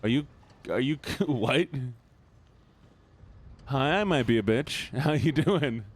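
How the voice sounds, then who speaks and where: A man's voice: mid-range voice, animated, takes it slowly. A man streaming a game live, chatting to his viewers with playful outbursts. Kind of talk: live gameplay commentary.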